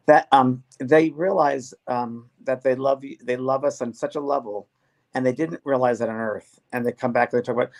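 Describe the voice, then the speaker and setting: A man's voice: medium pitch, steady tone, normal speed, gravelly, a little mellow. Earnest middle-aged man talking about spirits. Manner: earnest, emotional, quotes spirits in their own words. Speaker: spiritual medium and co-host. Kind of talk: casual spiritual chat.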